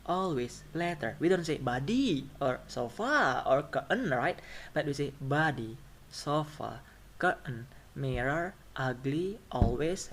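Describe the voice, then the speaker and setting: A man's voice: mid-range voice, a little hiss or hum. Man teaching pronunciation. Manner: repeats example words slowly, checks with "right?". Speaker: phonetics teacher. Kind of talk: classroom lecture.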